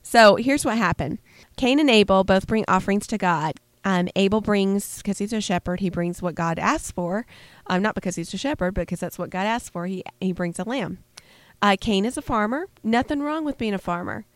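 A woman co-hosting a casual Bible discussion podcast, talking in an animated, emphatic way and teasing her co-hosts. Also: medium pitch, normal speed, dry recording. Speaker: podcast co-host.

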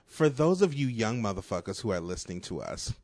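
A man's voice: on the low side, very animated, brisk, darkish tone, no echo. A man co-hosting a podcast, telling rambling stories in casual chat, full of fillers and swearing. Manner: profane, rambling storyteller with frequent fillers. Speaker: podcast co-host.

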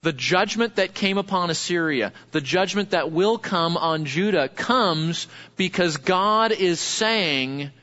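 Male pastor, sermon, animated and chatty, somewhat muffled lo-fi recording. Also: high-pitched, takes it slowly, few pauses. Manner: lively, conversational, asks the congregation questions.

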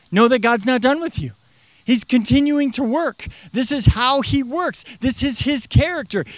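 With an extremely high pitch and no echo, a young man delivers a sermon as a pastor in a casual, conversational way. Chatty and full of fillers, he performs quotes in different character voices.

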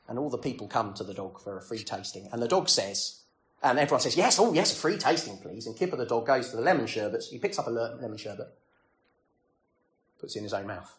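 A man preaching a sermon in a conversational way, full of rhetorical questions and self-deprecating asides. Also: mid-range voice.

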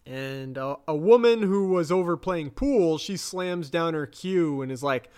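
A man's voice: fairly high pitch, lively intonation, unhurried, a little mellow, clean tone. Chatty man recapping an episode. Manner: chatty, laughing, swears. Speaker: podcast co-host.

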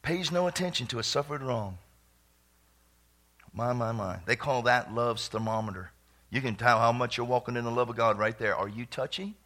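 A man preaching a sermon, animated, with frequent repeated phrases, dropping to soft asides and building up to shouts. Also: medium pitch, normal speed. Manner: laughs often, repeats phrases. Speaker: pastor.

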